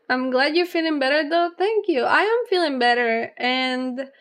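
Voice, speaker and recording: High-voiced young woman streamer rambling. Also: takes it slowly, a bit bright. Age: young adult. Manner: rambling and chatty, with frequent laughs. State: low on energy. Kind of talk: casual livestream chat, reading chat aloud.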